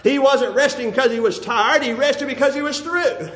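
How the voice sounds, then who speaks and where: A man's voice: very high voice, moderate pace, fairly bright tone. A man preaching a sermon, asking questions and answering them himself, with frequent "uh" fillers and bursts of raised voice. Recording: roomy hall echo.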